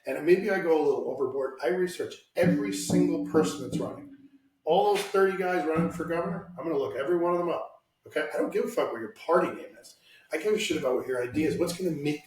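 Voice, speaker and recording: A man's voice: on the high side, fast talker, darkish tone, far from the mic. A man hosting a casual podcast, speaking bluntly about politics and swearing freely. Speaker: podcast host. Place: home room, lives in Washington state. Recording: roomy echo, somewhat off-mic.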